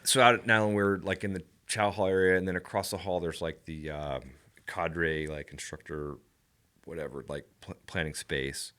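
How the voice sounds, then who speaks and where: Low-voiced animated man telling war stories. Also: normal speed, clean tone. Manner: animated storyteller, laughs often. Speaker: podcast guest, former Navy SEAL. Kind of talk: casual storytelling chat.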